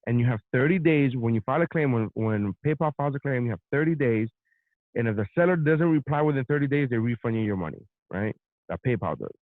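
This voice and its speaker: A man's voice: medium pitch, quick pace, dry recording. Podcast host, male, swearing storyteller; dry, phone-narrow sound. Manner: profane, animated storytelling. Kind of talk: casual storytelling rant.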